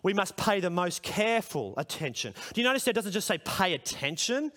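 A man's voice: high voice, very animated, brisk, a bit bright. A middle-aged man preaching a sermon at a school chapel service, conversational and then emphatic as he puts questions to the room.

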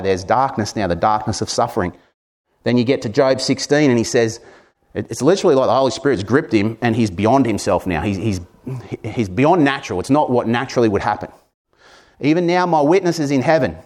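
A man with an Australian accent preaching a sermon in an earnest manner that builds to emphatic passages. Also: on the low side.

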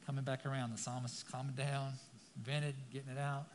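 A man's voice: medium pitch, flat delivery, brisk, slight background noise. A man preaching a sermon, reading scripture dramatically and turning to the congregation with casual asides. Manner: dramatic scripture reading, rising loud on key lines. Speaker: pastor.

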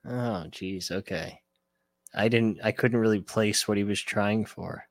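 A man's voice: on the low side, a little slow, dry recording. A man from the Rust Belt of upstate New York, co-hosting a casual movie-review chat in a blunt, laid-back way with some swearing. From American Rust Belt, upstate New York. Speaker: podcast co-host.

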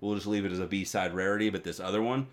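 Very deep-voiced man chatting casually. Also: steady tone, quick pace. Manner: rambling, many fillers and restarts, swears casually. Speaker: podcast co-host. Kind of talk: casual gaming news chat.

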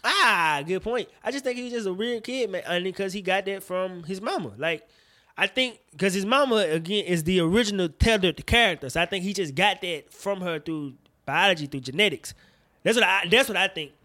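A man in his thirties co-hosting a casual podcast, talking about movies in an animated, slangy, profane way. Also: sits high, a little fast. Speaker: podcast co-host.

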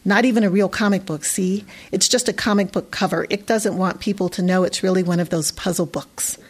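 A woman's voice: medium pitch, steady tone, brisk, close to an everyday voice. A woman voicing a cocky, teasing schoolboy in a storybook reading, with a mocking, bossy manner.

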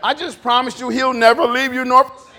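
A man in his fifties preaching a sermon, animated and often laughing as he acts out little dialogues. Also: very high voice, a little fast. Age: 50s. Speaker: pastor. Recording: long reverb of a large hall.

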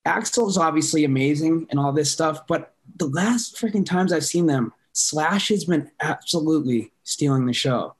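A man's voice: a little high, lively intonation, moderate pace, hardly any pauses, husky. A man guesting on a fan podcast, talking loosely with lots of fillers and casual swearing. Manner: filler-heavy, swears casually, laughs often.

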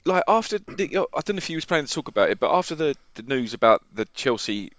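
A man's voice: fairly high pitch, very animated, quick pace, a bit bright, no room sound, muffled recording. A man in casual chat who rambles and restarts his sentences.

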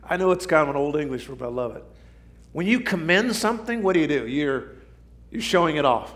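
A man preaching a sermon, swinging from shouting to near whisper for drama. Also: fairly high pitch, lively intonation, a little fast. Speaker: pastor.

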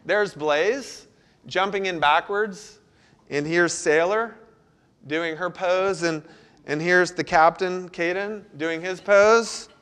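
A man's voice: sits high, takes it slowly, a bit bright, smooth. A man preaching a sermon as pastor, earnest, reading scripture and sometimes voicing pleading prayers.

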